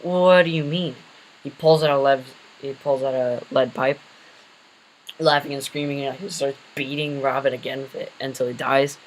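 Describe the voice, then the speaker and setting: A man's voice: medium pitch, flat delivery, normal speed, a little hiss or hum, rough recording. A man casually retelling an invented superhero story, rambling with many fillers and self-corrections.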